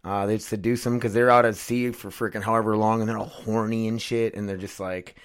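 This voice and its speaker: A man's voice: lowish voice, little pitch movement, brisk, smooth. A man hosting his own podcast, rambling and swearing casually into a condenser studio mic. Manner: rambling, profane, self-mocking. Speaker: podcast host.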